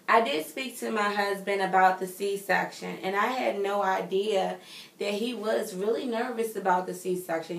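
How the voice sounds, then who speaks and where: A heavily pregnant woman in a home nursery, chatting expressively and directly to her viewers. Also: medium pitch. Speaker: vlogger. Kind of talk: casual chat to viewers. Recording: echoey room, mic at a distance.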